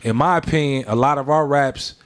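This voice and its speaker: A man's voice: mid-range voice, a little fast. A man from San Francisco chatting as a podcast guest, telling stories in a laid-back, slangy way. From San Francisco, California. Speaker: guest, mixtape host and former hype man. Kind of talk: casual podcast chat.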